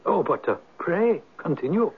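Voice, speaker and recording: An actor playing a polite, skeptical young police sergeant with a dry, courteous way of asking questions, in a 1970s radio drama. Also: male voice, fairly high pitch, big pitch swings, normal speed, husky, heavily acted. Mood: curious. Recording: tinny lo-fi old radio broadcast.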